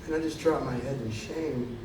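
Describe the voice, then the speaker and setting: A singer telling a profane, animated story between songs on a concert stage, in an echoey live hall recorded from far off. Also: male voice, medium pitch, normal speed, noisy background.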